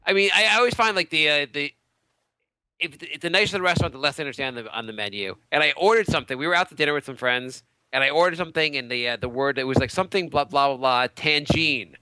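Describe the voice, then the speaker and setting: A man rambling through stories on a podcast, talking quickly. His pitch is lively and his voice sits a bit high. The recording is dry. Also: smooth, dry recording. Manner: rambling, many fillers and restarts. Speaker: podcast co-host. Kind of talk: casual podcast chat.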